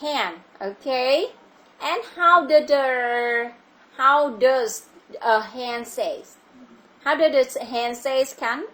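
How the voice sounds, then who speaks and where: A woman's voice: high voice, extremely slow, a bit bright. A woman with a Vietnamese accent teaching a child English over a video call, patiently repeating her questions. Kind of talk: online English lesson for a child.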